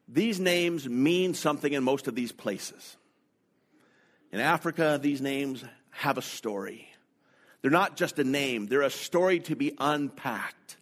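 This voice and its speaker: Middle-aged male pastor, sermon delivery, deliberate pace, anecdotal, plain mid-range voice. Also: medium pitch. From North America. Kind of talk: sermon storytelling.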